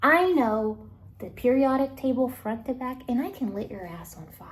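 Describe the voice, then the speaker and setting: A woman putting on a booming tough-gal warning voice. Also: expressive, normal speed, a little hiss or hum, lightly acted. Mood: menacing. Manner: booming, threatening, stern. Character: tough loud woman scolding trespassers. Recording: echoey recording.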